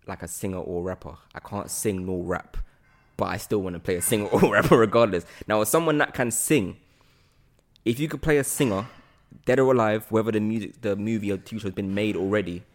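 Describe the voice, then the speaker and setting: A man hosting a casual interview, relaxed, chatty and quick to laugh. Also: on the low side. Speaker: podcast host.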